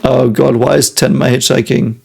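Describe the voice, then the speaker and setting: A German man with a German accent talking in English, chatting casually over a show he is watching. His mid-pitched voice has a gravelly, fry-laden edge. He hesitates constantly, stacks up fillers and restarts, and breaks into little chuckles. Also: level tone, normal speed, a little mellow. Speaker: reaction video host. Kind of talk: casual reaction commentary.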